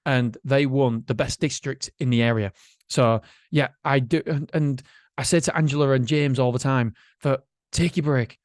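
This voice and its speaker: A man hosting a solo motivational podcast, chatty and animated, swearing casually. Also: medium pitch, moderate pace, no room sound, clean studio sound. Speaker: podcast host.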